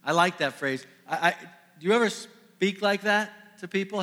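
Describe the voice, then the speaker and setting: Brief: male pastor, high bright tone, earnest sermon delivery in a reverberant church hall. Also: normal speed. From US Midwest. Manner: earnest, builds to emphatic peaks then drops soft. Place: church sanctuary. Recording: long reverb of a large hall.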